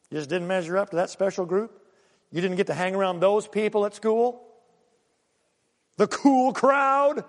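A man preaching a sermon, animated and full of rhetorical questions and acted-out asides to the congregation. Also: high-pitched, in a large hall. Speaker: pastor.

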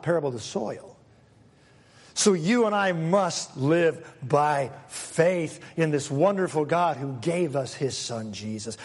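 A man preaching a sermon as pastor, dramatic, acting out quoted voices and swinging between loud and soft. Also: fairly high pitch, in a large hall.

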